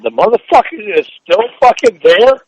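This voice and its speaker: A man's voice: high-pitched, expressive, normal speed, darkish tone. A man on a heated phone call, furious, swearing nonstop and making demands. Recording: dull phone line recording.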